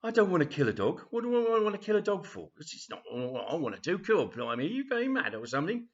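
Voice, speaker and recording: A man's voice: sits high, big pitch swings, fast talker, dull audio, pitched above the performer's own voice, full character voice. A man voicing a grumpy, half-deaf old grandad who gets outraged easily. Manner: indignant, exasperated, ranting.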